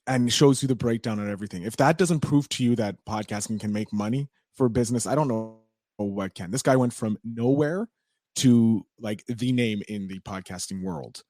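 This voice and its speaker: A man of middle pitch hosts a podcast chat with an energetic, agreeable manner. He often stumbles and restarts mid-thought. His voice sounds dry and close to the mic. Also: moderate pace, dry recording. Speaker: podcast host. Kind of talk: casual podcast interview.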